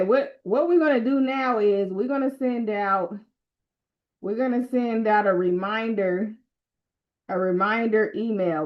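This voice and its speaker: A woman hosts a live book launch stream. Her voice sits a little high, and she leans hard on repetition to urge viewers to share and comment. It comes through a dull, lo-fi computer mic. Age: 30s. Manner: emotional, repetitive exhortations to the audience. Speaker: motivational coach hosting a live book launch. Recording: lo-fi stream audio.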